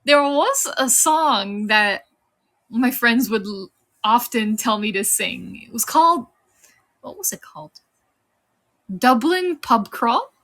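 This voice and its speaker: Slow, bright-voiced giggly young woman streamer. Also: on the high side, lively intonation. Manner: giggly, reads out chat and thanks viewers. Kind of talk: casual live-stream chat.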